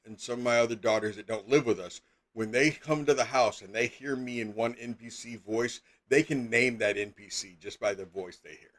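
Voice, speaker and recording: A man's voice: mid-range voice, fairly bright tone. A middle-aged man chatting casually as a game master on a live stream, rambling with lots of fillers and sudden emphatic bursts.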